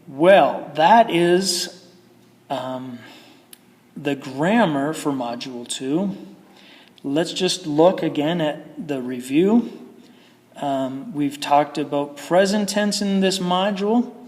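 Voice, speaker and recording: A man's voice: fairly high pitch, takes it slowly, darkish tone, in a large hall. A man teaching English grammar in a patient, explaining manner with frequent fillers. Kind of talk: recorded grammar lesson.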